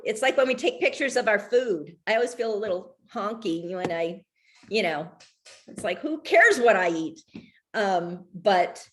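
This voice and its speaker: A middle-aged woman speaking as an author guest, reflective and rambling, with frequent restarts and trailing thoughts. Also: fairly low pitch. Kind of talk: conversational talk over a video call.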